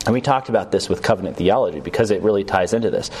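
A man with a fairly low voice teaches a Bible lesson in a relaxed, conversational way. He keeps checking that listeners follow, tossing in "right?" and "yes?", and his sentences restart as he works through the ideas. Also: rapid-fire, slight background noise. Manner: loose, with restarts and fillers.

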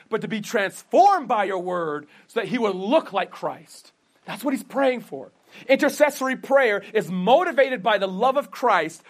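Preacher guy, high-pitched, earnest, asks and answers his own questions, stutters a bit. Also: a bit bright. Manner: says he stutters, with frequent restarts. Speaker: pastor. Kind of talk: sermon.

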